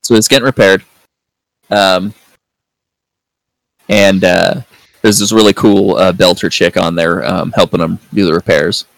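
A man's voice: low-pitched, steady tone, a little slow, vocal fry, long pauses, no echo, poor audio. A man hosting a podcast in casual review chat, rambling with lots of fillers and free swearing. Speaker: podcast host.

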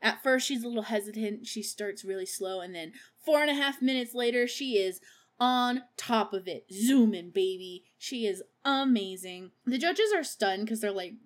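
A woman's voice: on the high side, expressive, moderate pace. A woman hosting a podcast, recapping a movie in a casual, profane way. She laughs often and gushes over the characters she loves. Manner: gushing about favorite characters. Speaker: podcast host.

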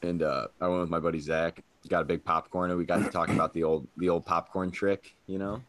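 A man telling a crude comic story in casual podcast chat, deadpan and unhurried. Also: sits low, no room sound.

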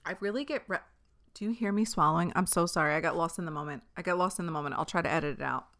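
A woman's voice: lowish voice, rapid-fire, fairly bright tone. A woman hosting her own podcast in casual solo chat, talking into a podcast microphone, swearing freely and laughing often. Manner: chatty, profane, laughs often. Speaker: podcast host. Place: filming herself on camera.

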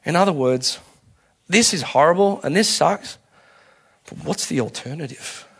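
A man's voice: on the high side, lively intonation, normal speed, creaky, husky. Candid, colloquial male preacher. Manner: candid, colloquial, with frequent restarts and swings in loudness. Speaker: pastor. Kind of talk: conversational sermon.

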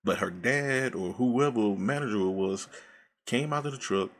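A man telling a casual, profane story from his old job, animated and laid back, full of slang. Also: lowish voice, measured pace. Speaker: storyteller recounting past work.

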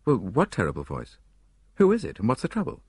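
A man doing a brisk urgent doctor. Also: mid-range voice, huge pitch swings, slightly rough, no room sound, voice pushed up. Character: brisk middle-aged male doctor, earnest.

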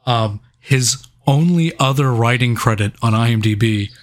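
A man's voice: medium pitch, normal speed. Profane joking man co-hosting a review podcast. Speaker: podcast co-host. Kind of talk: casual movie review banter.

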